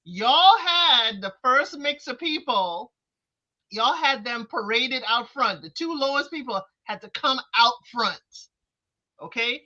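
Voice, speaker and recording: A woman co-hosting a casual reality TV recap, speaking in an expressive, emphatic and teasing way. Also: sits high, lo-fi sound. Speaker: co-host.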